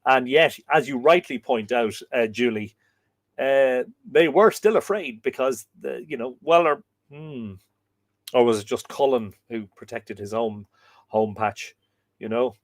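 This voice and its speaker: Irish man, middle-aged, live-stream host, hesitant, lots of ums, mid-pitched voice. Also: unhurried. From Ireland. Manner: hesitant, many ums and uhs, thinks aloud. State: dry throat, coughing. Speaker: host of a live myth reading show. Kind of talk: casual live-stream chat reading comments.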